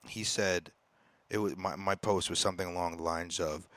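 A man with a very low voice rants bluntly and profanely on his own podcast, jumping from loud outbursts to quiet mutters. The recording is close and completely dry, with no room sound at all. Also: level tone, moderate pace, no echo. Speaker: podcast host. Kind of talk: casual ranting monologue.

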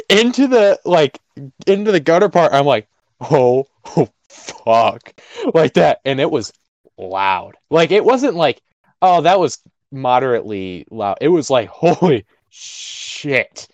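A young man co-hosting a podcast, telling a school story in casual chat, animated and laughing. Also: on the high side, no echo, lo-fi sound. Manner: animated, laughing, swings loud and quiet. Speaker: podcast co-host.

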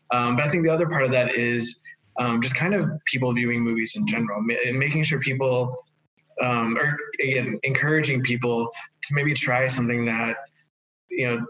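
Bright-voiced man on a film panel. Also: medium pitch, rough recording. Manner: earnest, frequent "um" fillers. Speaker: film organization member. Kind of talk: panel discussion.

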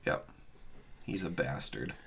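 A young man chatting casually about a tabletop game he played, laughing often and going higher when excited. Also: slow pace, creaky, a little hiss or hum. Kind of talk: casual chat.

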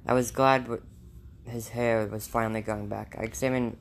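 A man's voice: medium pitch, little pitch movement, normal speed, creaky, a little hiss or hum. A man reading a children's novel aloud in a plain way, with small slips and restarts. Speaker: reader.

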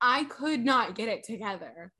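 A woman's voice: on the high side, lively intonation, normal speed, sharp tone. A young woman in casual chat, animatedly retelling a story and acting out the quotes.

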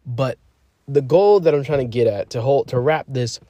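A man in his twenties telling his own story on a podcast in a rambling, candid way, swearing freely and swinging from quiet to emphatic. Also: medium pitch, measured pace, no echo. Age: 20s. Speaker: podcast host. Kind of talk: casual personal storytelling.

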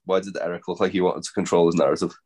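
Low-pitched male podcaster, deadpan ribbing, swears casually. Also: very fast, husky. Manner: dry teasing humour, casual swearing. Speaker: podcast co-host. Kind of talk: casual banter.

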